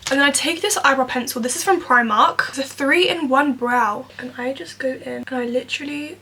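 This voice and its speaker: A twenty-something woman vlogger talks candidly through a casual makeup tutorial, sprinkling in fillers like "like" and "you know." Her voice is high, with a sharp tone and a breathy edge.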